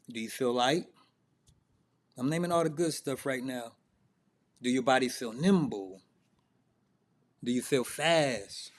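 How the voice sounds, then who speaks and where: A middle-aged man coaching in a loose, conversational way, firing off questions to the listener. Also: mid-range voice. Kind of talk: casual self-improvement talk.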